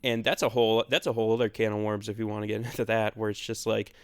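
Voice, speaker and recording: A man's voice: on the low side, level tone, fast, clear, resonant tone. A man co-hosting a podcast in casual chat, rambling a bit, laughing often and swearing loosely. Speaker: podcast co-host. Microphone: own separate recording.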